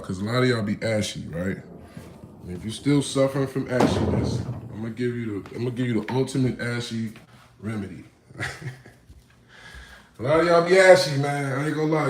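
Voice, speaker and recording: Laid-back streetwise man streaming live. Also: medium pitch. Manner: laid-back, streetwise, full of "you know what I'm saying". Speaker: livestream host. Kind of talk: casual livestream chat with viewers. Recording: roomy, light background noise.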